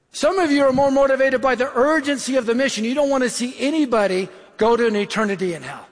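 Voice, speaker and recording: Male preacher, middle-aged, high-pitched, lively storyteller, big reverberant room. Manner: animated, acts out voices in anecdotes. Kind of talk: sermon with storytelling. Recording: long hall reverb.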